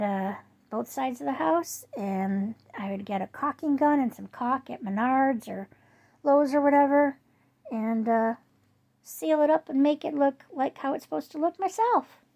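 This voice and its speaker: A chatty woman rambling to her viewers, full of "you know" and restarts. Her voice sits a touch high with a gravelly edge. It leaps even higher when she quotes herself or others. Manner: rambling storyteller with many fillers. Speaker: vlogger. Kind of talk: casual chat to camera.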